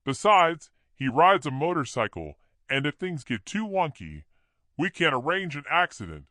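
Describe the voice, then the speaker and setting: A man's voice: a little high, big pitch swings, moderate pace, bright, forceful tone, no room sound, studio quality, voice pushed up. A man putting on a mocking scheming woman. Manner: mocking, giggly.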